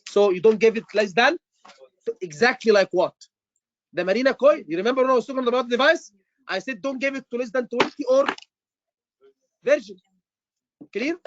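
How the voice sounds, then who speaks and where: A man's voice: high voice, no echo, highs cut off. Man teaching, dry sound. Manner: emphatic, repeats words, says "brother" often. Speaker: medical exam tutor. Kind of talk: online teaching session.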